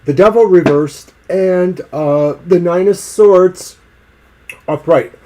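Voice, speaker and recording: A man's voice: sits high, takes it slowly, background noise. A man co-hosting a live tarot stream, chatting in an easygoing, joking way and reading out the cards. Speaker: co-host and tarot reader. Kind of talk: casual live-stream chat.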